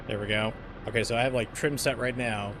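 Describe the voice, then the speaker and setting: A man's voice: mid-range voice, fairly even intonation, brisk, background noise. A man streaming a flight sim game, rambling and joking with lots of swearing. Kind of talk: casual gameplay streaming.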